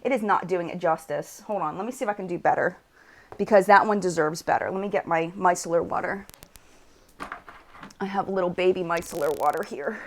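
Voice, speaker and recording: A woman's voice: lowish voice, fairly quick. Woman, American accent, casual live-stream chat, reads comments aloud, swatches makeup. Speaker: beauty YouTuber hosting a live chat.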